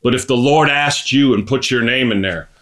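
A middle-aged man preaching a sermon, impassioned, reading scripture slowly and climbing to emphatic high peaks. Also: a bit bright.

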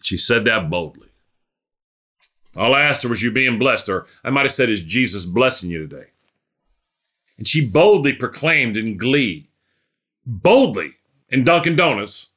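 A man's voice: medium pitch, very animated, measured pace, long pauses, fairly bright tone. A man preaching a sermon, telling a story and building to emphatic exhortation.

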